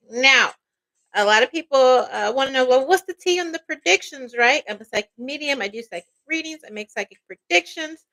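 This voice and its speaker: A woman's voice: high-pitched, bright, forceful tone, low-quality recording. A woman giving a casual tarot reading as a psychic, chatty and peppered with "all right" and "okay".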